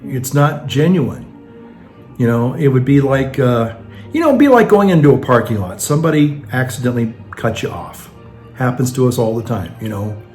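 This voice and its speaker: A man's voice: medium pitch, sing-song, normal speed, darkish tone, faint music behind. A man talking casually in a monologue, rambling with frequent restarts and acting out the people he quotes. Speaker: vlogger.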